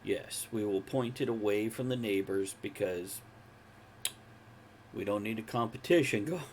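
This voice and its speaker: A man in his forties hosting a casual podcast chat from home, relaxed and talkative, cracking jokes as he goes. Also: lowish voice, a little slow, slight background noise. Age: 40s. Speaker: podcast host.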